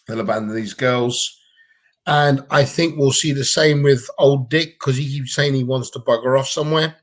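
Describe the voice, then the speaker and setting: A man with a Gibraltarian accent, chatting bluntly and casually on a livestream Q&A from home, swearing freely. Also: medium pitch. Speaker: livestream co-host.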